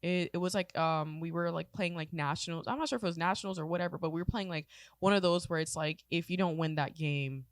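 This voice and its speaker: Woman in her twenties, podcast co-host, lower voice, teary, rambling, swears a lot, dry close sound. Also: fast talker, no echo. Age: 20s. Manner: rambling, emotional, swears freely, tearful. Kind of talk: casual chat.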